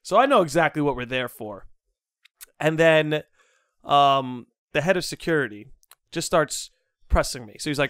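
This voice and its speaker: A young man hosting a podcast, telling a college story with lively quoted voices and frequent laughter. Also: on the high side, normal speed, pauses often, clear, resonant tone, no room sound, clean studio sound. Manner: animated storyteller, acts out quotes, laughs a lot. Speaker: podcast host. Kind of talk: casual storytelling chat.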